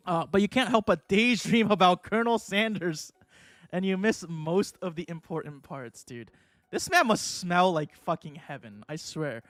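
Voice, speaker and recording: A young adult man streaming a game, talking casually and excitably, swearing and laughing often. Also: high-pitched, no echo. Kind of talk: casual livestream commentary.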